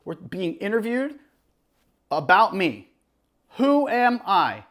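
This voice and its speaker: A man who works as a wedding DJ, giving other DJs casual advice in an energetic, emphatic way with lots of fillers. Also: sits high. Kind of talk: casual advice talk to camera.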